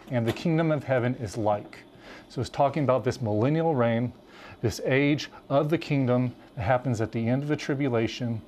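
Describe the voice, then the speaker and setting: Male Bible teacher, mid pitch, earnest and emphatic, speeds up and slows down to stress points. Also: darkish tone, slight background noise. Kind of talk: teaching conversation, preaching.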